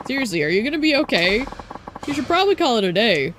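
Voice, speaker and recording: A woman's voice: a little high, sing-song, fast talker, a bit bright, a little hiss or hum. A woman reading aloud as a weary, puzzled man who is a baseball player, dry and bemused.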